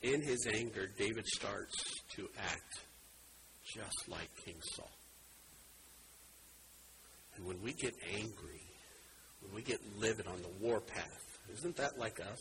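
A man preaching a sermon and reading scripture aloud, swinging between animated emphasis and hushed, low delivery. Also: takes it slowly, long pauses, background noise. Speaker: pastor.

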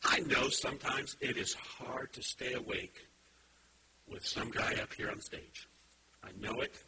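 A man's voice: mid-range voice, a little slow, very noisy. A man preaching a sermon from a church stage, talking casually and then rising into emphatic exhortation. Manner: animated, builds to emphatic exhortation. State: has a headache.

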